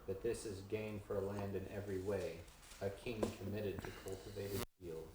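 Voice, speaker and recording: A man's voice: on the low side, level tone, normal speed, dark tone, rough recording. A man taking part in a Bible study discussion, speaking plainly and reading a verse aloud.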